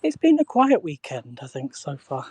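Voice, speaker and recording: A man's voice: on the high side, wildly swooping pitch, moderate pace, a little mellow, breathy edge, dry recording. A man chatting casually to viewers on a live stream while walking outdoors along a canal towpath, greeting people and laughing often.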